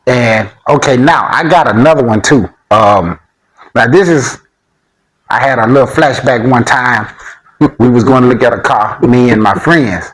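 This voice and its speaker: A man's voice: medium pitch, unhurried, a bit bright, poor audio. A man from Alabama with a Southern accent, chatting casually on a video about life abroad. He tells stories in a laid-back, slangy way, full of chuckling asides. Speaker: vlog co-host. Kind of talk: casual chat.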